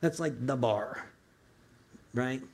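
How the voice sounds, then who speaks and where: A man's voice: medium pitch, takes it slowly, vocal fry, husky. A man preaching a sermon in a loose, conversational way, full of asides and rhetorical questions to his congregation. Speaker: pastor.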